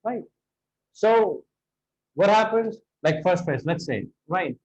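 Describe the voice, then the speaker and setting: A man's voice: high-pitched, animated, takes it slowly, a little mellow, highs cut off. A man with an Indian English accent teaching spoken English, acting out lines of dialogue to show intonation.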